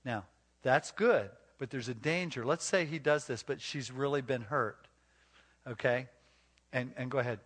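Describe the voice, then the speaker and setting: A man's voice: medium pitch, measured pace, a bit bright. Emphatic man coaching a marriage retreat. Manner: emphatic, coaching volunteers, acting out quotes. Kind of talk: sermon-like teaching with live role-play.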